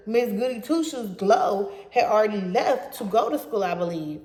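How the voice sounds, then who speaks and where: A woman's voice: mid-range voice, normal speed, few pauses. Blunt, profane young woman, roomy sound. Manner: profane, blunt, animated retelling. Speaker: vlogger. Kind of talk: casual storytime. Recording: roomy echo.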